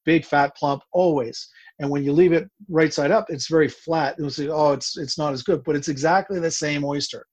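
A man's voice: on the high side, fairly even intonation, moderate pace, breathy edge, dry recording. A man talking casually and enthusiastically as an expert guest, explaining in detail with frequent restarts. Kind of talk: casual interview talk.

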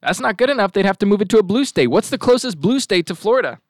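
A male talk show host riffs through a rambling, sarcastic monologue, tossing questions to his crew. His voice sits somewhat high for a man. The sound is dry and close, with no room echo. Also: lively intonation, fast talker. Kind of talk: casual political commentary monologue.

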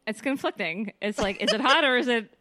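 A woman's voice: fairly high pitch, lively intonation, fairly quick, pushed and bright, no echo. A woman co-hosting a casual podcast chat, storytelling playfully with frequent laughs and swearing. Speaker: podcast co-host.

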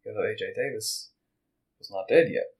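On this casual podcast, the low-voiced male host wanders between reading passages and stopping for banter and jokes. Quotes get brief character voices, though the audio quality is rough.

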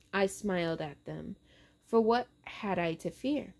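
A woman hosting a show, reading a horror story aloud in a halting way, restarting on words. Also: on the low side, darkish tone. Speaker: host reading books aloud.

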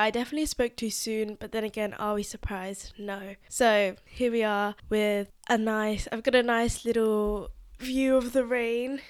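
Woman podcaster, blocked-up nose, nasal, rambly casual chat. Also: on the high side. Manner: chatty, uses filler "like" often. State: congested, nasal voice from illness. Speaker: podcast host.

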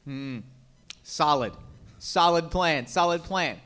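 High-voiced man running a comic game. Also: slow pace. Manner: mock-managerial, deadpan boss tone. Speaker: game master. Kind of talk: improvised tabletop game narration.

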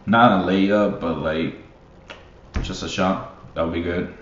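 A man's voice: low-pitched, steady tone, takes it slowly. A young man rambling as a basketball fan in casual solo commentary, swearing freely and laughing often. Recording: roomy, muffled, faint hiss.

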